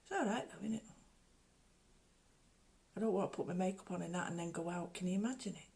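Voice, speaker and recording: A woman's voice: on the low side, fast, vocal fry, darkish tone. A woman hosting a casual home livestream, rambling chattily and greeting viewers by name. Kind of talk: casual live chat.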